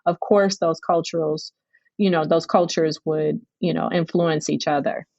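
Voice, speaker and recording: A woman's voice: low voice, fairly even intonation, unhurried, creaky, a little mellow, no room sound. A woman from Chicago hosting a casual interview, chatty and full of "you know". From Chicago, USA. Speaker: podcast host. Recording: slightly dull, dry audio.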